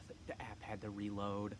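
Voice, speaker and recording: A man's voice: lowish voice, completely flat delivery, normal speed, background noise. A man running a fantasy football league, talking casually and teasing the other players with cocky trash talk.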